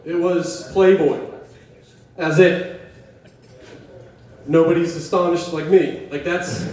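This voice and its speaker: Young man, stand-up comic, slightly high voice, rambling, profane, self-deprecating, very echoey room, recorded from far off. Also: fairly even intonation, takes it slowly, darkish tone. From West Virginia, US. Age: young adult. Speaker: stand-up comedian. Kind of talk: open-mic stand-up set. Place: coffee shop open mic. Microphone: camera set up in the room. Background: audience laughing.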